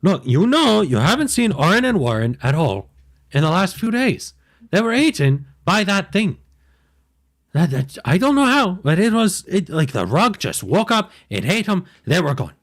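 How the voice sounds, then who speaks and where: A man's voice: high voice, big pitch swings, moderate pace, pitched above the performer's own voice, full character voice. A man voicing a panicky, paranoid male gnome king who talks in frantic, insistent bursts.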